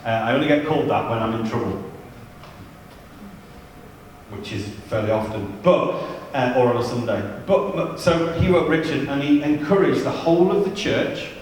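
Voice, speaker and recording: A male youth ministry leader gives a church seminar, telling anecdotes in a chatty, funny way with plenty of asides. His mid-pitched, somewhat dark voice moves at a moderate pace, recorded from far off in a large, echoey church hall with a little hiss or hum.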